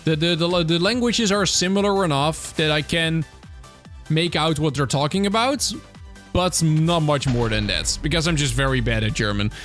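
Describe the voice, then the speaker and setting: A Dutch-accented man chatting loosely with his livestream viewers. His voice sits a little high for a man, and he rambles with easy fillers and restarts. Soft music plays behind him. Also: moderate pace. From Netherlands. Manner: chatty, reads and answers viewer chat, many fillers and restarts. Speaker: streamer. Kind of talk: casual livestream chat.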